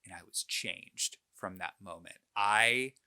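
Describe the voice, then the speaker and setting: A man in his late twenties, a podcast co-host, telling a personal story in casual chat, animated and self-deprecating, with lots of fillers and restarts. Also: fairly low pitch, slow, smooth.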